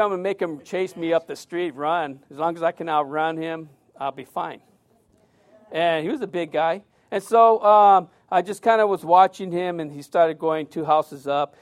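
High-voiced man preaching a sermon. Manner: conversational, animated storytelling with acted quotes. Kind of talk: sermon with personal story.

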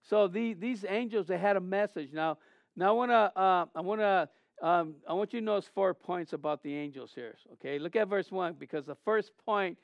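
A man preaching a sermon in a conversational, animated storytelling way, with frequent restarts and repeated phrases. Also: high-pitched, normal speed, gravelly, no echo, lo-fi sound. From Southern California. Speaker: pastor.

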